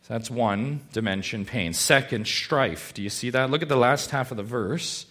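Man preaching a sermon, lively pitch. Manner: swings from hushed and slow to loud and emphatic; asks the congregation rhetorical questions. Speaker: pastor.

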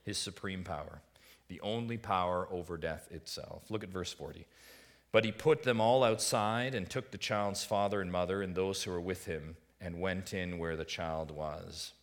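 A man preaching a sermon as pastor, moving from quiet reflection to emphatic appeals and repeated rhetorical questions to the congregation. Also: sits low, moderate pace. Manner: swings between hushed reflection and rising emphatic appeals.

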